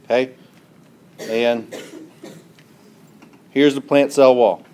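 A man's voice: mid-range voice, steady tone, very slow, darkish tone, slight background noise. A man giving a biology lecture to a class, asking questions and then answering them himself, tagging his points with "right?" and "okay?" while he draws on the board. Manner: drawing on a board while explaining.

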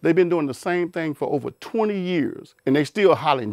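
A man's voice: a little high, expressive, fairly quick, darkish tone, dry recording, studio quality. A man giving an informal Bible talk, emphatic and repetitive, with rhetorical questions and many restarts. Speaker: Bible teacher.

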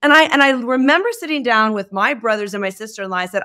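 A woman's voice: quick pace, few pauses, clean tone. A woman guest in a podcast conversation, speaking expressively and acting out bits of dialogue. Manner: expressive, acts out dialogue with shifting pitch. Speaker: guest, communication expert.

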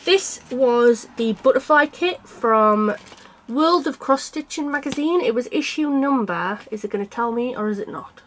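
Chatty high-voiced woman crafter. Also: lively intonation, moderate pace. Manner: chatty and self-mocking, laughs often. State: unwell with a cold. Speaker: cross-stitch vlogger. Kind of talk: casual chat to camera.

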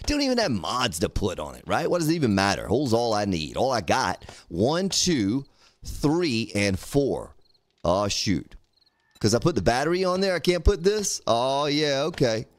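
Animated man streaming gameplay. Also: mid-range voice, normal speed, no room sound. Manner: talks to himself while crafting, thanks viewers, swears casually. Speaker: game streamer. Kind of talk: live gameplay commentary.

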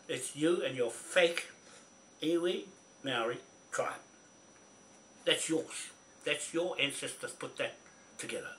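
A man's voice: on the high side, sharp tone, slight background noise. A man delivering an angry, confrontational rant straight to camera, scolding and repeating himself. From New Zealand. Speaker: vlogger.

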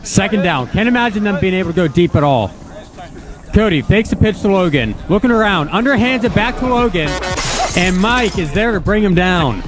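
A young man doing excited play-by-play commentary on a backyard football game, calling each play in quick short bursts. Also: high-pitched, over music.

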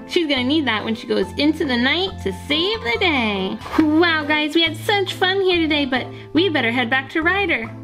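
A woman's voice: sits high, lively intonation, moderate pace, fairly bright tone, soft background music. A woman narrating a toy unboxing for children, gushing and gasping sweetly at each surprise.

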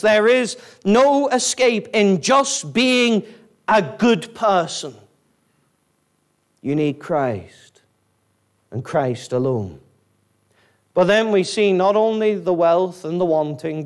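A man preaching an evangelistic sermon, fervent and repetitive, rising to loud emphatic peaks and dropping low. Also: unhurried. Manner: repeats phrases for emphasis.

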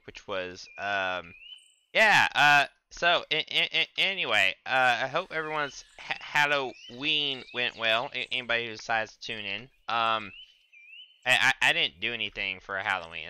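A young man talking over his game stream with a very bright, edged voice. He stammers constantly, repeating words as he restarts, and his pitch swings widely when he shouts down the monsters. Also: a little hiss or hum. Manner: trash-talks the game's monsters, loud bursts of exasperation. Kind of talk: casual gaming commentary.

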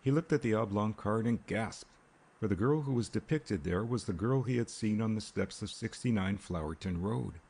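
Deep husky male audiobook narrator. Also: animated, moderate pace, darkish tone. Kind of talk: scripted narration.

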